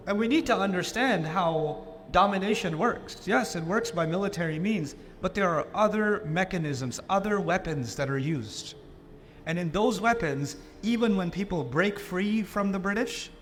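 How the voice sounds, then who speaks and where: A man with a notably high voice delivers a sermon-style lecture. He drives points home with repetition and rhetorical questions, lifting his pitch to stress a line and then dropping it low. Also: fairly bright tone. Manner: swings between raised and lowered pitch for emphasis. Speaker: Islamic lecturer.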